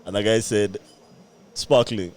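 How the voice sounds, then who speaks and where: Male co-host, lively swooping pitch, giggly retelling. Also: a little fast, soft background music. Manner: giggly, retells clips with quoted voices. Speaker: podcast co-host. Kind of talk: casual chat.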